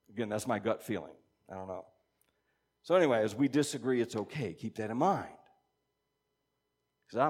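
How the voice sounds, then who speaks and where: A man teaching a congregation in a conversational sermon, reading scripture aloud and musing with animated asides. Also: fairly low pitch, slightly rough. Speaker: pastor or Bible teacher.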